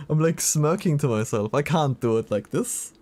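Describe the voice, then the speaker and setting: A man's voice: a little high, big pitch swings, unhurried, a little mellow, slight background noise. A man streaming live, chatting casually and reacting to messages from his chat.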